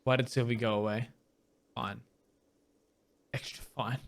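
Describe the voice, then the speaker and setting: In no hurry, a man with a medium-pitched, fairly even voice hosts a let's play. He reads the dialogue plainly, breaks in with wry comments, and at times stumbles on difficult words.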